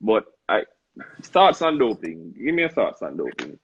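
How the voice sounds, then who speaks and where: Young Jamaican male host, husky, loose patois banter over a lo-fi live stream. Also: fairly low pitch, wildly swooping pitch, normal speed. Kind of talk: casual live-stream interview.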